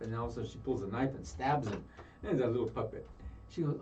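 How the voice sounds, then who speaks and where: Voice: mid-range voice, fast talker, music in the background. A radio show co-host in casual banter, joking and teasing and laughing often. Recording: distant, dull mic with faint noise.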